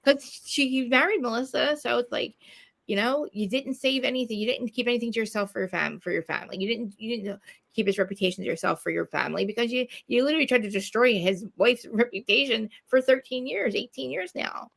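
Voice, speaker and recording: Podcast host type: a woman with a gravelly edge, swearing freely, animated, slipping into quoted voices. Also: fairly high pitch, fast talker. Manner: profane, animated, acts out quotes. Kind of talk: casual gossip chat. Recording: dry home streaming mic.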